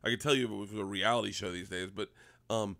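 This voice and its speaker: A man's voice: fairly low pitch, fairly even intonation, fast, creaky, a bit bright, dry recording. A man telling a long comic anecdote in casual podcast chat, acting out quotes as he goes. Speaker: guest comedian.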